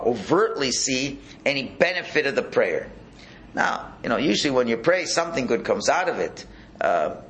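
A man's voice: medium pitch, fairly bright tone, a little hiss or hum. A man teaching a Torah class as a rabbi, talking in a conversational way and asking the room rhetorical questions.

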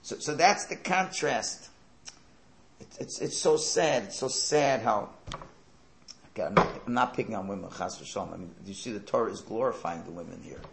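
A man's voice: fairly low pitch, moderate pace, gravelly, echoey room, a little hiss or hum. A man giving a religious lecture, emphatic and full of rhetorical questions and sarcastic asides. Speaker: Torah teacher.

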